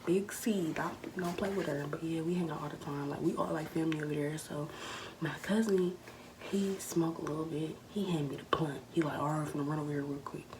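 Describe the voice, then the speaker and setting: A woman's voice: sits low, moderate pace, background noise. A young woman telling a rambling storytime vlog straight to her viewers, often dropping into a whisper. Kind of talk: storytime vlog, casual chat.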